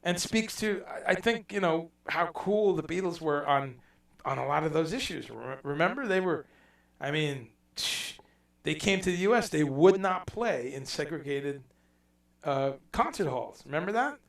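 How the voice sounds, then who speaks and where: Rambling, gravelly man on a livestream. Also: a little high, normal speed, roomy sound, far from the mic. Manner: rambling, animated storytelling with mock accents and profanity. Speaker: livestream host. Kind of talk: casual chat.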